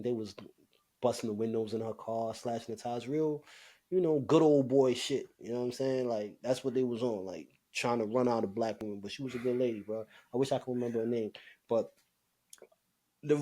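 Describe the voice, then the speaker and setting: A man co-hosting a podcast, telling a story in casual chat, swearing freely and with lively delivery. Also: mid-range voice, brisk. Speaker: podcast co-host.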